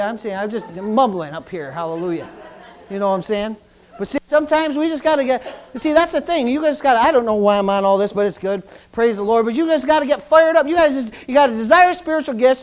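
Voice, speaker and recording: Guy preaching hard, really high voice, tons of hallelujahs, stumbles and repeats. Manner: preaching fervently, frequent hallelujahs, repeats words. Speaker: pastor. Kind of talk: sermon. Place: church.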